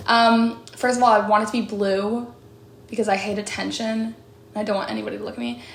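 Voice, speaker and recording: A young woman singer chatting casually as she answers fan questions, bubbly and full of "like"s and quick laughs. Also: medium pitch. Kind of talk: casual chat. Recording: echoey room with faint background noise.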